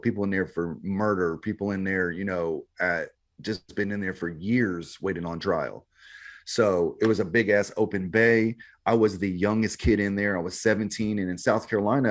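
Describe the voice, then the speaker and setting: A man guest on a podcast, telling his story in a laid-back, slangy way, often saying "man" and "bro". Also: low voice. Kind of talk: casual storytelling.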